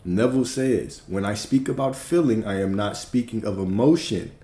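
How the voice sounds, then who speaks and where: A man gives a spiritual talk in an emphatic, preacherly way, repeating his points and dropping the odd swear word. His voice sits low and sounds dark and mellow. The recording is roomy, with a noticeable echo. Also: normal speed. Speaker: spiritual teacher. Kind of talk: livestream teaching.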